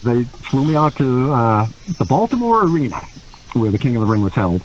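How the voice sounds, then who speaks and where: A man, a guest on a podcast, telling a story in a casual, animated way, laughing often and acting out quotes in other voices. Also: medium pitch, brisk, highs cut off, slight background noise. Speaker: guest wrestler.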